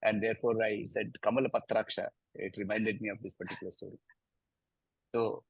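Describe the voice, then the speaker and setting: A man with an Indian English accent teaching a scripture class, chanting verses slowly and then explaining them with lively emphasis. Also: on the low side, gravelly, husky, no echo, rough recording. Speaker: Gita teacher.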